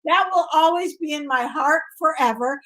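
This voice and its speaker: A woman's voice: sits high, normal speed, rough recording. A woman comedian, the guest, telling stories in casual interview chat and acting out other people's voices. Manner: animated storyteller who acts out voices.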